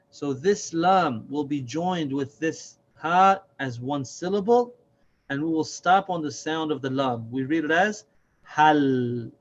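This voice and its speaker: A man teaching a Quran reading lesson, speaking slowly and deliberately, repeating and stretching sounds to demonstrate them. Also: a little high, highs cut off. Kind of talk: slow, patient recorded lesson.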